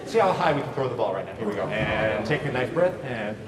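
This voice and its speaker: A man leading a choir through warm-up exercises, upbeat and encouraging, heard from a distance in a large echoey hall. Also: fairly low pitch, lively intonation, very noisy. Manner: upbeat, encouraging, quick praise. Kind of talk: choral warm-up instruction. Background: choir singing along.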